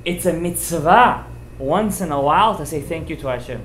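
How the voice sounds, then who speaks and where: A man, a rabbi giving an informal sermon, telling stories with emphatic, animated delivery and sprinkling in Hebrew and Yiddish terms. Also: on the high side, fairly quick. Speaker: rabbi giving a Torah class. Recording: roomy echoey room.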